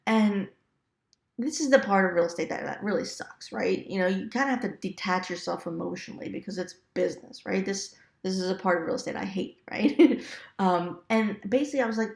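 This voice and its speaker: Chatty woman with a gravelly edge. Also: mid-range voice, fairly quick, echoey room. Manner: chatty, laughs often, lively quoted asides. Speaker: real estate investor sharing stories. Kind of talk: casual storytelling to camera.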